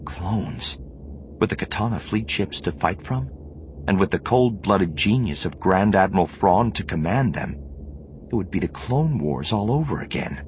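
Male narrator doing a tough, defensive young woman in an audiobook; clipped and louder, pitched up. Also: very animated, moderate pace, slight background noise. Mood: intense. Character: guarded, tense young woman, former Emperor's agent. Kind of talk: audiobook character voice.

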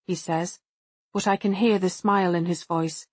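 A woman giving a measured, reflective first-person audiobook narration. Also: fairly low pitch, fairly even intonation, darkish tone, no echo.

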